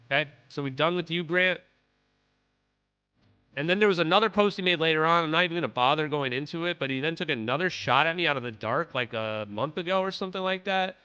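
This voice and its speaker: Stream host, male, bright and somewhat high voice, profane and dismissive, casual rant with synthwave music faintly under it. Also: clean tone, lo-fi sound. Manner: profane, dismissive, talks straight to chat. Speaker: livestream host.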